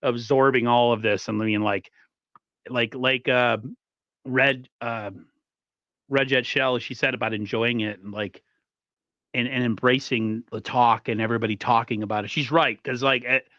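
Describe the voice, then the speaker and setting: A man's voice: mid-range voice, fairly even intonation, moderate pace, pushed and bright, no echo. Casual sports host, male, eager fan energy, lo-fi dull dry mic. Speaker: podcast host.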